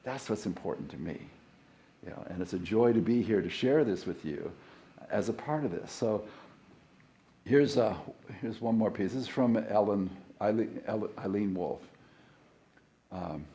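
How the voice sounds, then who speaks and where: Mellow-voiced man giving a chatty sermon. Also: fairly low pitch, normal speed, long pauses. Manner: conversational, self-deprecating, leads call-and-response. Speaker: guest minister.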